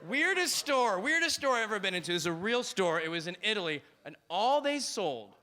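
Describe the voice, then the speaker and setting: Bright-voiced deadpan stand-up comic. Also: male voice, sits high, a little fast. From Missouri, USA. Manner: dry, deadpan delivery with sudden voices. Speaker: stand-up comedian. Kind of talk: stand-up comedy set.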